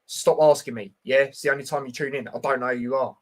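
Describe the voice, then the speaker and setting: A fast-talking man with a medium pitch and fairly even intonation runs a casual football prediction live stream. Chatty and blunt, he fills his speech with fillers while reading out chat and answering viewers directly.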